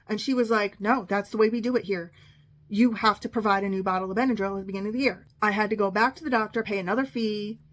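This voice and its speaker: A woman's voice: mid-range voice, fairly even intonation, fast. A middle-aged woman telling a long personal story in a casual, sarcastic, exasperated way, quoting the people in it.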